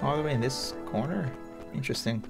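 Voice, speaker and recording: A let's play host quietly musing to themselves in casual gameplay commentary. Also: mid-range voice, a little fast, vocal fry. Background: game music.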